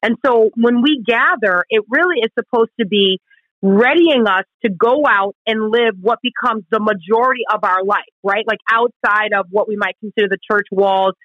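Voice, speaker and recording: A woman co-hosts a Christian radio talk show, explaining Scripture earnestly and emphatically and acting out the questions she quotes. Her voice is mid-range, with phone-quality sound and no room sound.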